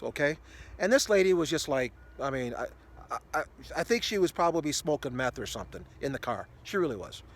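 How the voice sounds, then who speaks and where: A man in his sixties telling a rambling everyday story to camera, with many fillers and restarts. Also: fairly high pitch. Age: 60s. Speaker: ministry video host.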